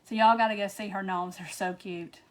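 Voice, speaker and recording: A woman's voice: medium pitch, fairly even intonation, fairly quick. A chatty woman hosts a casual craft tutorial livestream and answers viewer comments as she goes.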